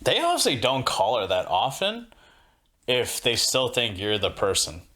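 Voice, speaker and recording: A man's voice: medium pitch, wildly swooping pitch, unhurried, bright, forceful tone. A young man co-hosting a casual podcast, joking, rambling and swearing freely. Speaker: podcast co-host.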